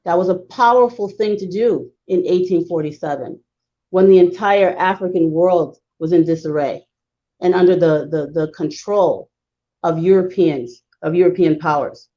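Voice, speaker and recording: A woman speaking as a guest on a talk show, explaining history in an emphatic, lecturing way with fast bursts. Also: lowish voice, dark tone, dull audio.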